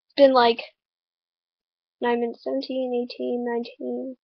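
A woman's voice: a little high, monotone, a little slow, gravelly, dry recording, dull audio. A woman commenting casually on her own video at home, giggling and laughing often as she talks. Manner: giggly, breaks into frequent laughter. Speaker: vlogger. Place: at home on a laptop. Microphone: laptop mic.

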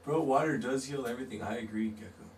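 A man's voice: mid-range voice, fast, recorded from a distance, slight background noise. A man hosting a live stream, laid-back and chatty, reading out and answering chat while he draws. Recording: roomy, off-mic, faint guitar music.

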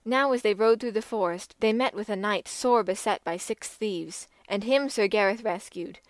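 With a clear, smooth voice of medium pitch, a woman narrates an old legend for an audiobook, measured yet expressive. The scripted reading is captured up close with no room sound.

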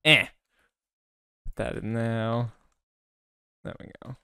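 A man's voice: medium pitch, steady tone, slow pace, pauses often, bright, forceful tone, clear, resonant tone, no echo. A man giving casual gameplay commentary to his viewers, talking to himself, often frustrated and stumbling over restarts. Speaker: gaming YouTuber.

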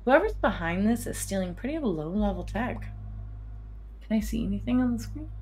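A playful young woman with a very lively pitch talks at a normal speed, with a little hiss or hum on the recording. Co-hosting a podcast, she plays a visual novel in a casual let's-play style, excitably reading game lines aloud and giving the dialogue little voices.

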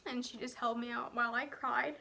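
Young woman's bright, tearful storytelling. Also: fairly high pitch, little pitch movement, creaky. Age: young adult. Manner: halting, soft, often dropping to a near whisper; frequent "um" and "like" fillers. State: emotional, on the edge of tears. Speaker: vlogger telling her own story. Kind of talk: personal storytelling vlog.

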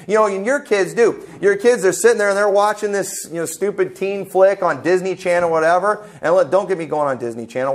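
Brief: higher-voiced male pastor, fervent and blunt from the pulpit, church setting. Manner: fervent, blunt preaching with asides to the congregation; quotes scripture. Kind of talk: sermon. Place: church sanctuary.

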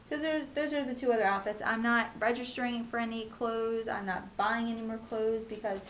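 A young woman in a casual home vlog, talking fast and chattily about her pregnancy, with lots of ums and likes. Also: a little high, fairly even intonation, fairly bright tone, slight background noise. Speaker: pregnancy vlogger. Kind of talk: casual chat.

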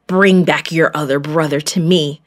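Woman doing a stern low-voiced governor. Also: fairly even intonation, close to an everyday voice. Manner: commanding, slow and low. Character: stern young man, governor of Egypt.

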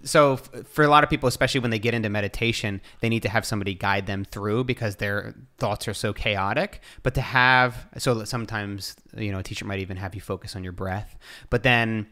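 A man hosting a podcast interview, asking thoughtful questions and reflecting out loud as he feels for his words. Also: on the low side, brisk. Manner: thoughtful, searching questions with restarts. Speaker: podcast host. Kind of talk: casual interview chat.

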